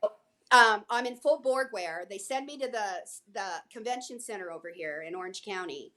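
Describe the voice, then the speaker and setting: A woman telling anecdotes in a casual interview, animated and acting out what others said. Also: mid-range voice, normal speed. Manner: animated, acts out quotes from others. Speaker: guest actress. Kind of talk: casual storytelling.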